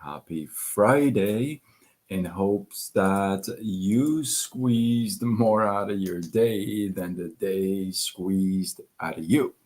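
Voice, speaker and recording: A man hosting a casual livestream, halting with many fillers and clearing his throat, losing his voice. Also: deep voice, a little mellow. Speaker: livestream host. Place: home apartment.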